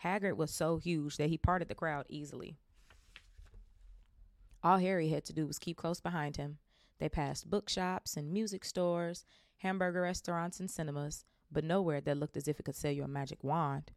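A woman with a low voice reads a novel aloud for her podcast. She keeps a casual tone and drops amused asides. The sound is close and dry. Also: steady tone, normal speed, no room sound. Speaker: podcast host.

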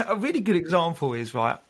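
A recruiter telling workplace stories in a relaxed interview, his voice sitting a bit high for a man. He talks in animated bursts, laughs often and restarts his sentences. It sounds like casual, unscripted conversation. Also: moderate pace, husky.

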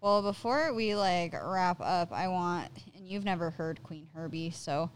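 A woman's voice: lowish voice, a little slow, slight background noise. A young woman hosting a podcast, talking casually with lots of fillers and swearing freely. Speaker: podcast host. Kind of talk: casual chat.

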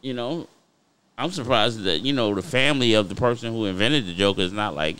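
A man's voice: on the low side, fairly quick, fairly bright tone, clear, resonant tone. A man co-hosting a casual podcast chat in a laid-back, agreeable way. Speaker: podcast co-host.

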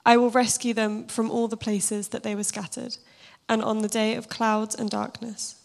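A woman with a slightly husky voice, speaking casually and then giving a steady scripture reading in a sermon. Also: a little high, normal speed. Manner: informal and self-deprecating, steady even reading. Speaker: church speaker.

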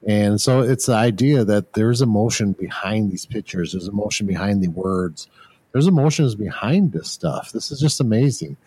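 A man's voice: fairly low pitch, expressive, moderate pace, dark tone, husky, no echo, low-quality recording. A man co-hosting a casual spiritual chat over a remote call, speaking in an earnest, reflective way. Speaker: co-host.

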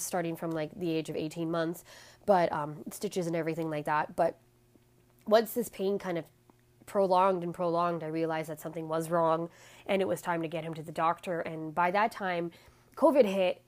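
A woman hosting her own podcast in a casual solo chat, with a raspy, stuffy-nosed voice, rambling with lots of ums and restarts. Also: on the low side, a little mellow. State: out of breath at times. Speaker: podcast host.

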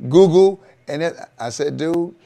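A middle-aged man co-hosting a casual tech chat show, excitable and rambling, calling his co-host "dude" and "bro.". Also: fairly high pitch, measured pace, vocal fry, a crowd in the background.

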